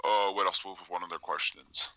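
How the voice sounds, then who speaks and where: Young male guest, very low voice, bright and forward tone, dry close sound, halting delivery with lots of fillers. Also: level tone, dry recording, low-quality recording. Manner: hesitant, halting, many fillers and repeats. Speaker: guest claiming to be a time traveler. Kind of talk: casual live-stream interview.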